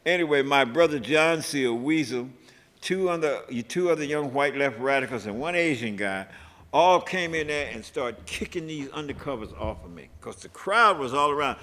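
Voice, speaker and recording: An older man spins a story with a lively, chuckling delivery, throwing himself into the shouted bits. His voice sits in a middle register. The sound carries the long echo of a large hall. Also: medium pitch, moderate pace. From United States. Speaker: activist recounting history. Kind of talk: animated storytelling talk. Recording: echoey hall.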